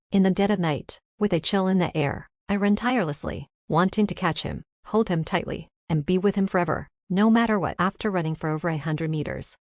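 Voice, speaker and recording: A woman narrating a first-person romance story, in a steady, measured way. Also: fairly low pitch, no room sound, clean studio sound.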